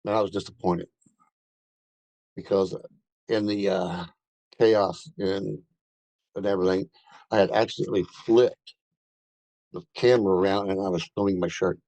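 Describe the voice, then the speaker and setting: A man's voice: deep voice, fairly even intonation, moderate pace, long pauses, darkish tone, no room sound, rough recording. A man telling a rambling first-hand story in a casual way, with many fillers and restarts. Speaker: bigfoot researcher telling an encounter.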